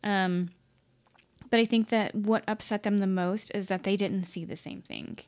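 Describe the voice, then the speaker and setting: A woman's voice: mid-range voice, fairly even intonation, normal speed, a little mellow. A woman casually telling a ghost story at home, rambling with many fillers, self-corrections and casual swearing. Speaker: podcast host.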